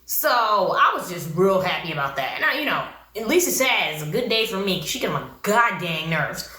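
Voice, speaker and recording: A woman's voice: medium pitch, sing-song, normal speed, bright, forceful tone, reverberant. A young woman giving casual, blunt and opinionated vlog commentary on a reality show, full of slang. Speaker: YouTube reality-TV reviewer.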